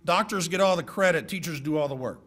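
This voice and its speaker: A middle-aged man addresses a class of high school seniors in a folksy, joking way, handing out direct advice. His voice sits a little high for a man. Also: fast, fairly bright tone, slightly rough. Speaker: guest speaker.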